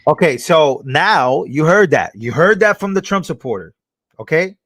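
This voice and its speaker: A man streamer giving casual reaction commentary, excitable and full of fillers and repeats. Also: fairly high pitch, normal speed, no echo.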